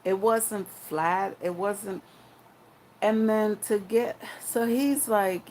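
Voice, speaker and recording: A woman's voice: mid-range voice, extremely slow, darkish tone, a little hiss or hum, poor audio. A young woman telling a personal story in a frank, rambling, profane way, full of restarts and asides.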